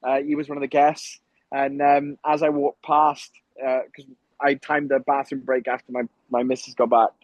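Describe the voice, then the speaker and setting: A man's voice: mid-range voice, flat delivery, normal speed, no room sound, lo-fi sound. A Welsh man from Wales, a professional fighter telling rambling stories full of ums in a casual interview. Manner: rambling anecdotes with frequent ums.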